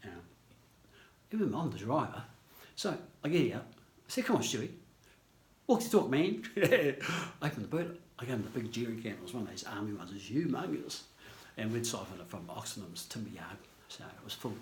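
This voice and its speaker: An older man from New Zealand with a New Zealand accent, telling stories in a relaxed, casual way and laughing often. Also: mid-range voice, a little fast, echoey room, slight background noise. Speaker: storyteller. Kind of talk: casual storytelling.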